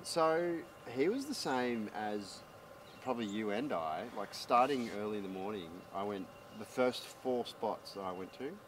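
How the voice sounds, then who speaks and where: A man's voice: lowish voice, animated, measured pace, recorded from a distance, slight background noise. A man, a fellow tournament angler, chatting casually and asking short questions about the day. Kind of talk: casual chat.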